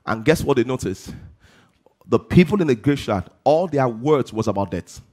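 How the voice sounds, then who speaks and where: A man's voice: mid-range voice, lively intonation, moderate pace, darkish tone. A man preaching a sermon to a congregation. He asks rhetorical questions and answers them himself, with emphatic rising delivery.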